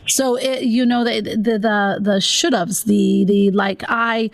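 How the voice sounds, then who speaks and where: A woman's voice: mid-range voice, fairly even intonation, takes it slowly, creaky. A woman hosting a podcast in casual chat, talkative and laughing often, speaking to her listeners. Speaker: podcast host.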